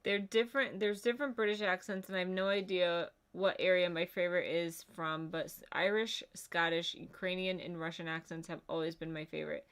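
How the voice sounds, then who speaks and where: A woman's voice: on the low side, steady tone, fairly quick, hardly any pauses, fairly bright tone, clear, resonant tone. A woman co-hosting a livestream in casual chat, rambling with lots of fillers and reading out chat comments. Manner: chatty, rambling, says "like" a lot. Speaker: co-host of a livestream.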